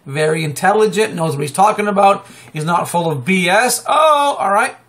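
Male live-stream host, middle-aged, high-pitched, talkative and excitable, restarts his sentences a lot. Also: a little fast. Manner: excitable, chatty, many fillers and restarts, sudden high exclamations. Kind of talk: rambling political commentary monologue.

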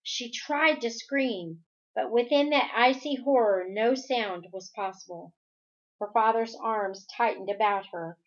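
A woman reading a novel aloud in an unhurried manner, stumbling over a word now and then. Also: a little high. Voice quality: unhurried, with occasional restarts. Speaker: reader. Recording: dull lo-fi home recording.

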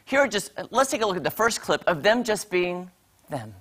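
A woman on a morning show who talks through her TV reviews in a chatty, gushing way. She is animated and keeps breaking off for quick asides, with her voice sitting in a middle range. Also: medium pitch. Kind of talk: casual TV review chat.

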